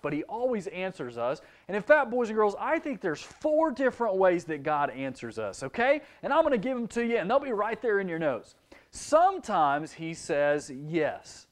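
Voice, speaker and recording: A young man teaching a children's sermon, speaking with animated expression and acting out children's voices. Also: fairly high pitch.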